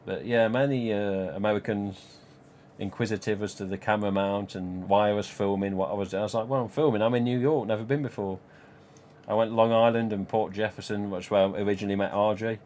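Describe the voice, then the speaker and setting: Rambling low-voiced man. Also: fairly even intonation, fairly quick, darkish tone, slight background noise. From Nottingham, England. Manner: rambling, swears freely, laughs at own jokes. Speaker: live stream host. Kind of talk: casual storytelling chat.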